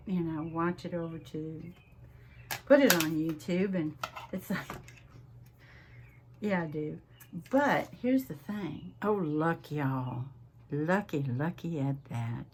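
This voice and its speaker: A woman with a Southern US accent, chatting casually at her home craft desk as she hosts a crafting vlog, drawn-out and full of laughs. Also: lowish voice, a little mellow, slightly rough. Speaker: crafting channel host.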